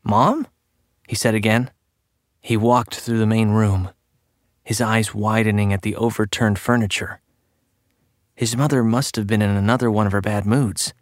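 A man reading a story aloud as narrator, in a measured storytelling manner that turns tense and hushed. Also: fairly low pitch, fairly even intonation, dry recording, clean studio sound. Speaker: audiobook narrator. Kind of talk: scripted narration.

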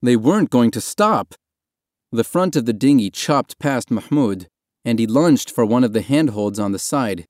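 A man reading audiobook narration in a quiet, measured, somber way. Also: mid-range voice, animated, dry recording, studio quality. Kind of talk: scripted narration.

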